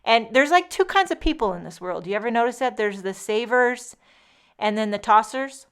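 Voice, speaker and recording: A woman's voice: fairly high pitch, animated, brisk, fairly bright tone, smooth. A woman hosting a casual card-making tutorial, chatty and full of joking asides. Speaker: papercraft tutorial host. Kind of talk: casual craft tutorial narration.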